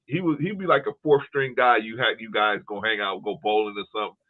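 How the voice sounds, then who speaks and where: Low-voiced man on a tinny line. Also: fast. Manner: laughing, rambling anecdotes. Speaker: podcast co-host. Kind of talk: casual chat.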